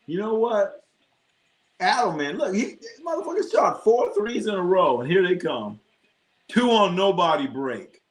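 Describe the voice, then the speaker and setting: A sports livestreamer with a high voice and big pitch swings speaks at a measured pace. He rambles and swears casually, reacts to scores, talks to his chat, and tells humorous anecdotes.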